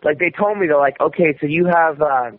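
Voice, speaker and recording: A man telling a rambling, animated story in casual conversation, swearing often and restarting his sentences. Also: a little high, fairly quick. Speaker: guest comedian. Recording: dull radio-style audio with faint noise.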